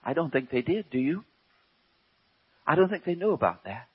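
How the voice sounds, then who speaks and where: A man preaches a sermon in a slow, emphatic way and often sinks to a hush. His voice is a little husky and his pitch rises and falls freely. The recording sounds dull and lo-fi. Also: very animated. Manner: slow and emphatic, drops to a hush, asks rhetorical questions.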